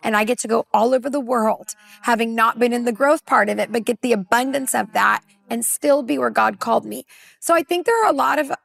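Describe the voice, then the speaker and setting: A woman in her forties from California speaks as a women's pastor on a panel. Her voice sits high and carries a heavy gravelly fry. She tells her story earnestly and acts out bits of dialogue, and the sound is dry, with no room echo. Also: a little fast, a bit bright. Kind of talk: personal testimony in a panel conversation.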